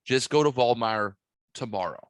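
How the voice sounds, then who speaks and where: A man's voice: mid-range voice, moderate pace, smooth, no echo. Profane man telling a rambling story. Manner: profane, rambling, acts out dialogue in his stories. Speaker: podcast host. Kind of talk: casual storytelling chat.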